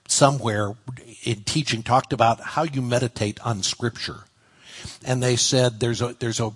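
Husky-voiced man preaching a sermon. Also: medium pitch. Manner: conversational, stresses single words with slow pauses. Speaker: pastor. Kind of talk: expository sermon.

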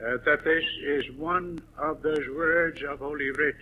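A man preaching a sermon, deliberately stressing single words, with frequent "uh" pauses. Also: a little high, steady tone, phone-quality sound.

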